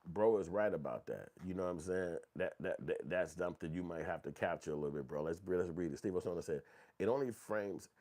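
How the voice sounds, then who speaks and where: A middle-aged man, telling stories in casual, profane commentary and reading viewer comments. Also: a little fast. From Chicago. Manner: profane, animated storytelling, acts out quotes in a high voice. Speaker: channel host.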